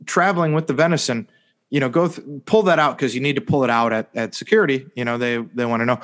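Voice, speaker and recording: A man's voice: medium pitch, brisk, a bit bright. A man co-hosting a casual sports podcast, rambling through a sarcastic story full of fillers and mock-serious "hypothetically" asides. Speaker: podcast co-host.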